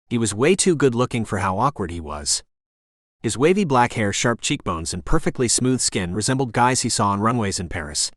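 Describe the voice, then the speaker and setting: A man narrating an audiobook in a measured, expressive scripted read. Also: mid-range voice, no echo, studio quality.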